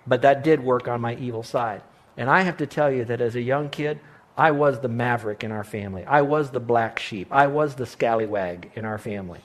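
A man preaching a sermon as pastor, emphatic, with rhetorical questions and pauses. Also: medium pitch.

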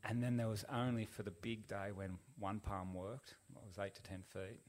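A middle-aged man with a fairly low voice tells a story on a podcast. He rambles in a laid-back way, with plenty of ums and restarts. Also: fairly even intonation, normal speed, darkish tone. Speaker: podcast guest. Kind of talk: casual storytelling.

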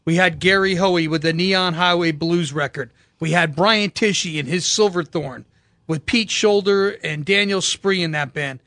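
Man, radio host, gravelly, bright, enthusiastic storyteller. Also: high-pitched, normal speed, dry recording. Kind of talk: casual radio chat.

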